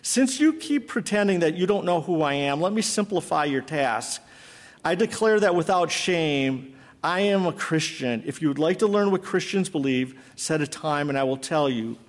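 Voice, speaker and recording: A man voicing a calm, fearless elderly prisoner who answers steadily. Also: on the high side, moderate pace, close to an everyday voice. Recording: long hall reverb.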